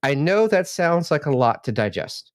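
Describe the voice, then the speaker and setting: A man's voice: a little high, very animated, moderate pace, no room sound, studio quality. A man co-hosting a comedy movie podcast, giving wry, mock-formal intros. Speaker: podcast co-host.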